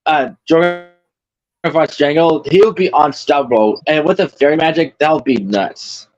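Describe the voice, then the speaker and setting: A man chatting casually on an online stream in a laid-back, halting way. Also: on the high side, muffled recording, faint music behind.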